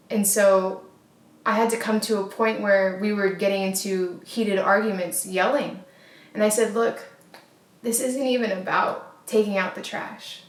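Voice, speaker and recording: Flat-voiced woman in an echoey room. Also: mid-range voice. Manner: earnest, repetitive, filler-heavy. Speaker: wellness host. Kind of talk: casual motivational talk.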